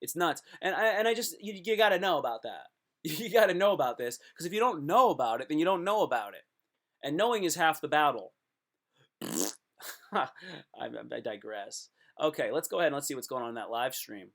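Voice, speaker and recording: A man's voice: a little high, animated, a little fast, fairly bright tone. A man live-streaming comedy, rambling and joking, often repeating himself.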